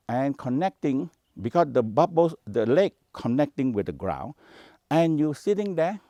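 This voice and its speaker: A man's voice: medium pitch, darkish tone, no echo. A man teaching Taoist meditation practice, speaking English with non-native grammar in short, repeated phrases. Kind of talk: spoken teaching to a workshop.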